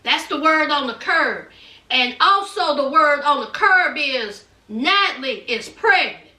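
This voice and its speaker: Sassy very high-voiced woman vlogger. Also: expressive, a little slow, sharp tone, roomy sound, recorded from a distance. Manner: sassy, calls listeners honey. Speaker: reality TV recap vlogger. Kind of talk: sassy casual recap commentary.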